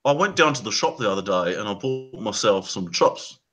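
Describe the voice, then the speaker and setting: A man's voice: medium pitch, very animated, quick pace, bright, forceful tone, soft background music. A man putting on a hammy fake Australian bloke. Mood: mock-earnest. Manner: hammy, slangy put-on accent with "mate". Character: man faking an Australian accent. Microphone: video call.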